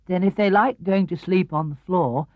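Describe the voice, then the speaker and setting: A man voicing a slow, gentle, simple teddy bear who speaks mildly, on a dull, dry storybook record. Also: high voice, no room sound, natural voice. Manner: slow, mild, unhurried.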